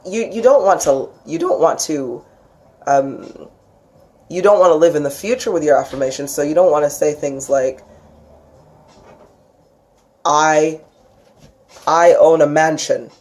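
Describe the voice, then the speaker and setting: A woman teaching a casual spiritual lesson, talking chattily with many restarts and acting out quoted voices with big jumps in pitch. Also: a little slow, long pauses, darkish tone. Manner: frequent restarts and laughs.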